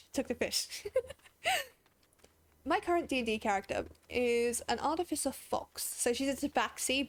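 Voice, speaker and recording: A woman with an English accent and an Australian twang, chatting emotionally and laughing while streaming a game. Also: high voice. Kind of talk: casual gaming commentary.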